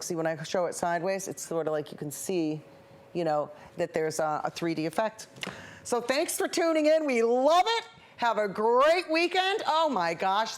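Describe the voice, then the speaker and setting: Chatty fifty-year-old woman painting live. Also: medium pitch. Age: 50s. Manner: rambling, upbeat, talks while painting. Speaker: host of a public access painting show. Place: public access TV studio.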